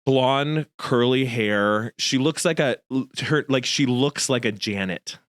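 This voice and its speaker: A man's voice: mid-range voice, slow, a bit bright, dry recording, studio quality. A man in his thirties, a podcast host, telling a story in casual chat and acting out the dialogue. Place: podcast studio.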